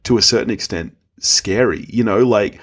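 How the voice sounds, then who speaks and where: A man's voice: lowish voice, moderate pace, fairly bright tone, breathy edge. A man talking as a guest on a podcast in casual chat, easygoing and frank with his opinions.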